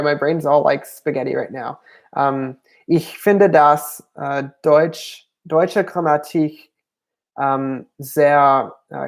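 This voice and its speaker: A language channel host answering viewer questions on a livestream, hesitant and thinking aloud with frequent ums. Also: medium pitch.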